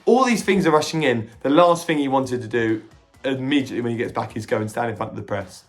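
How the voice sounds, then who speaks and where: A man at a mid-range pitch, talking through a film he has just seen in a lively, excitable recap. He keeps breaking into short acted quotes and tripping over restarts, while soft music plays faintly underneath. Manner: animated retelling, slipping into quick voiced quotes of characters; occasional stammering restarts. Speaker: podcast host reviewing a film. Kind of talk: casual film reaction recap.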